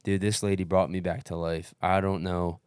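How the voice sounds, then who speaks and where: A young man telling a long story in casual podcast chat, animated, swearing constantly and calling everyone "dude". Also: low voice, moderate pace, smooth, no echo, clean studio sound. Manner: profane, animated, says "dude" often. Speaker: podcast guest recounting an ultramarathon.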